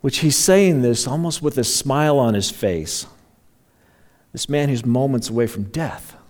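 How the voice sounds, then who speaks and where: A man's voice: mid-range voice, expressive, measured pace, a little mellow. A man preaching a sermon, telling the story dramatically and briefly voicing the mocking crowd and the criminals. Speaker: pastor.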